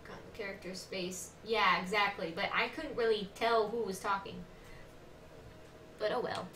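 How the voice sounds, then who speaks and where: A woman's voice: medium pitch, steady tone, moderate pace, a bit bright. A woman streaming a game, chatting casually and giggling with her viewers. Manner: chatty, giggly, talks to chat. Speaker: gaming streamer. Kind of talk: casual live-stream commentary. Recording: echoey room, distant mic, faint noise.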